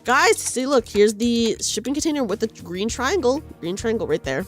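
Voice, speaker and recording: Brief: lively chatty young woman streamer, animated pitch, soft game music underneath. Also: moderate pace. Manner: chatty, giggly, reads game lines aloud. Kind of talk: live game stream commentary.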